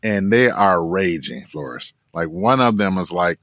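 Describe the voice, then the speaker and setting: A man telling a story as an interview guest, animated and full of "like" fillers. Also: sits low, a little slow, dry recording, studio quality. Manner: animated, filler-heavy with frequent "like". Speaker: guest, marathon runner and coach.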